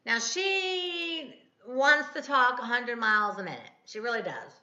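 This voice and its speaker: A woman's voice: a little high, expressive, a little slow, pushed and bright, roomy sound, muffled recording. A woman in her fifties, a podcast host rambling and correcting herself in a casual devotional talk. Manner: chatty, rambling, self-correcting.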